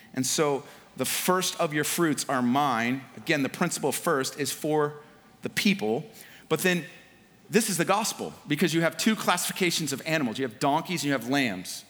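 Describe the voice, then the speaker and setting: A man preaching a sermon in a relaxed, conversational way, with slang and filler words. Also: fairly high pitch, normal speed. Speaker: pastor. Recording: long hall reverb.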